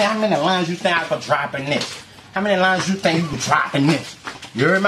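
A man's voice: fairly high pitch, a little fast, background noise. A rapper, boasting in casual studio banter and asking again and again whether he's been heard. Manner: swaggering, keeps asking "you heard me". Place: small recording studio.

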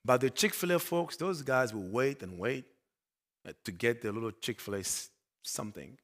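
A male pastor preaching a sermon, swinging between loud emphatic bursts and quiet low asides. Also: moderate pace. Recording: long hall reverb.

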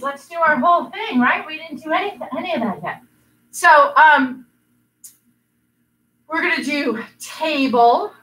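A kids' yoga instructor guides children through poses, her bright, high voice teasing them with silly animal noises. She talks slowly and patiently, heard from across an echoey room, far from the microphone.

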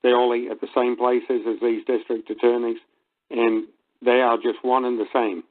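A man calling in to a radio show talks haltingly, restarting his sentences and sounding frustrated. His pitch is moderate. He comes through a tinny phone line. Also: level tone. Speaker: caller. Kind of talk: phone-in conversation.

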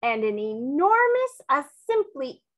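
Lady putting on a blustery panicky ship captain, high and excitable. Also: measured pace. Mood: alarmed. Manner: excitable, exclaiming.

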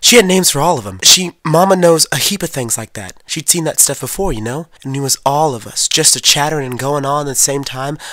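A man's voice: on the high side, fairly quick, few pauses, sharp tone, no echo. Folksy man telling a story. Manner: folksy and rambling, with many "you know"s. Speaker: storyteller and host.

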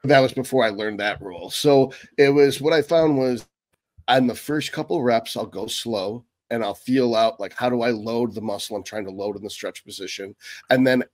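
A male podcast host speaks at a middle pitch in a loose, casual way, sometimes swearing and trailing off mid-thought. The sound is dry, with no room around it. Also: normal speed, a little mellow, no room sound. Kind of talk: casual interview talk.

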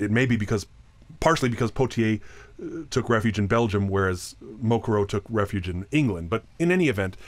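A man with a mid-range voice gives a recorded lecture on chant, with no echo in the sound. He explains things plainly, frequently restarts sentences, and occasionally sings brief examples.

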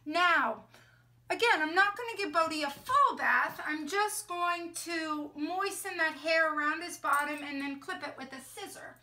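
Bright, high-voiced woman dog trainer. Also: a little slow. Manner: soothing and reassuring with the dog. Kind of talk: how-to demonstration. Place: indoors at a sink.

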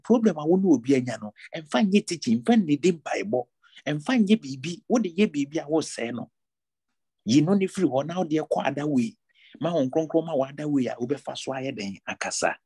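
A man's voice: mid-range voice, mellow, slightly rough, dry recording, studio quality. A man with a Ghanaian accent preaching a sermon in a rising, intense way, with English words mixed in. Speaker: pastor.

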